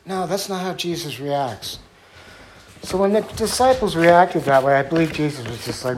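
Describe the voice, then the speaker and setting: A man preaching a sermon in an earnest, conversational way. He acts out the voices he quotes and drops to a quiet, low tone on key phrases. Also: animated, normal speed, a little hiss or hum.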